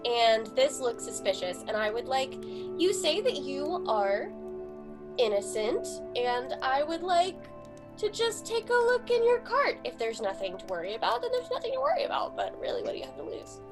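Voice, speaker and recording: A woman's voice: sits high, big pitch swings, normal speed, music in the background. A woman playing a proud, insistent princess. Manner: formal, determined, a bit haughty.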